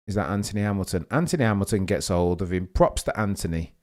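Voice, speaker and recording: A young man hosting a live race watchalong, talking excitably and rambling while he reads out viewers' chat comments. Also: deep voice, fast. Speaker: live stream host.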